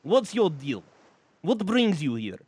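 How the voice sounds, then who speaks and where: A man's voice: high voice, slow, slightly rough, no room sound, heavily acted. A man doing a laid-back stoner spirit woman. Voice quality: drawling, relaxed.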